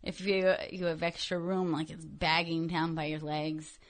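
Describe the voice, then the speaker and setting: A woman guesting on a radio show, chatting casually and tossing in quick, dry asides. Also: low-pitched, level tone. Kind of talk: casual comedic radio chat. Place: radio studio.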